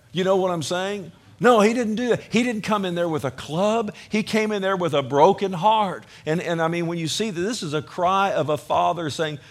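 A man with a Texan accent preaching a sermon with passion, moving from loud urging to quiet storytelling. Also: high voice, expressive, normal speed, hardly any pauses. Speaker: pastor.

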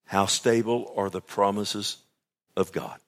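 A man preaching a sermon at an early church service, telling a personal story and then praying, swinging from loud exclamations to hushed whispers. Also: lowish voice, fairly even intonation, slow pace. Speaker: pastor.

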